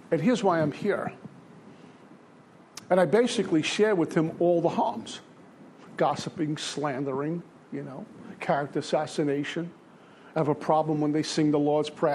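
A man's voice: on the high side, gravelly, a little mellow, slight background noise. Earnest older man telling his story. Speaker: recovery speaker. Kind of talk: personal testimony talk.

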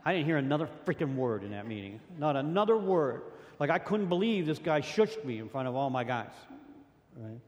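A man's voice: mid-range voice, big pitch swings, fairly quick, darkish tone, dull audio. A man sharing a personal story at a recovery meeting, rambling, repeating words and acting out what others said. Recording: long hall reverb.

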